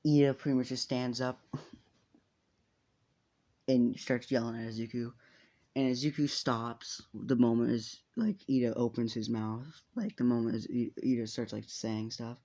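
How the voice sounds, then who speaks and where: A man's voice: medium pitch, level tone, normal speed, dark tone. A man casually retelling a fan story, rambling, laughing and swearing as he goes.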